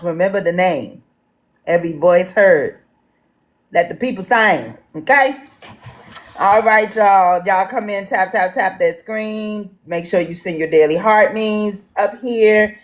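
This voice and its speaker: A woman's voice: mid-range voice, takes it slowly, long pauses. A woman with a Washington D.C. accent moderating a livestream town hall, chatting folksy and casual with viewers. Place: home in Washington D.C.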